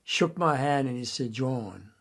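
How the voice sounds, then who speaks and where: Older male storyteller, slightly raised pitch, earnest, drops to a hush for drama. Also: steady tone, measured pace. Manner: earnest, quotes others in his own voice, voice drops low and quiet at tense moments. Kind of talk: personal anecdote.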